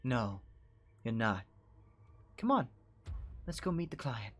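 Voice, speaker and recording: A man's voice: medium pitch, very animated, slow. A man voicing a cruel, possessive female boss who taunts and threatens in a sing-song way. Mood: coaxing.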